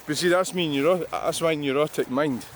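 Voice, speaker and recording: A man's voice: on the high side, normal speed, a little hiss or hum. A Scottish man in his sixties, a vlogger, rambling through a reflective monologue with wry, self-mocking asides. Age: 60s.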